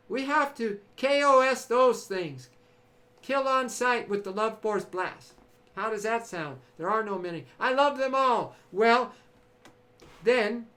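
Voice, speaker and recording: A man's voice: high voice, fairly bright tone. A man hosting a livestream, giving an enthusiastic motivational talk to his chat, preachy and exuberant, breaking into cheers and whoops. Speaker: livestream host.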